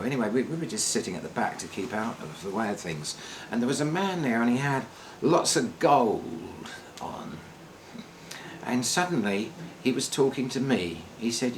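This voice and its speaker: Rambling older comedian. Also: male voice, mid-range voice, expressive, a little hiss or hum. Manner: rambling, halting, full of restarts. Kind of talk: one-man comedy monologue. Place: theatre stage.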